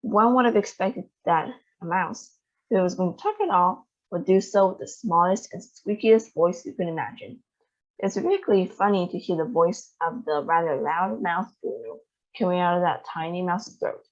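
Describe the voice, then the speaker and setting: A woman reading a children's novel aloud in an expressive storytelling manner. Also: lowish voice, normal speed. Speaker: storybook reader. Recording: dull lo-fi sound.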